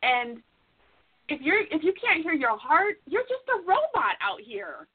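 A woman's voice: high voice, big pitch swings, measured pace. A woman co-hosting a casual advice talk show, speaking emphatically, repeating herself for stress and acting out inner voices. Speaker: podcast co-host. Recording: tinny phone-like audio.

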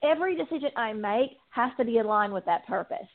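She talks fairly quickly in a slightly high voice with lively intonation. As a guest addiction recovery coach in a faith-based interview, she preaches earnestly and repeats phrases for emphasis, all through a tinny phone line.

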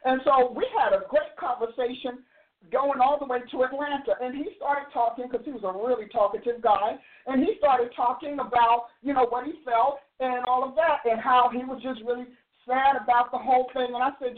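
Her voice sits high, with a steady tone and moderate pace. This sixties-aged woman argues forcefully while narrating a story, preaching to listeners the way a host might, in an animated opinion style captured on thin, phone-like audio.

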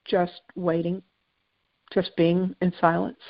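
A woman's voice: lowish voice, little pitch movement, takes it slowly, dry recording, dull audio. A woman hosting a spiritual talk show, talking conversationally with many fillers and restarts. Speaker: host.

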